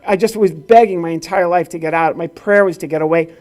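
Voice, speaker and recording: Performing stand-up comedy at a corporate event, this middle-aged man from rural Illinois in the Midwest acts out dialogue in his stories. He speaks slightly fast, with a slightly high and slightly mellow voice.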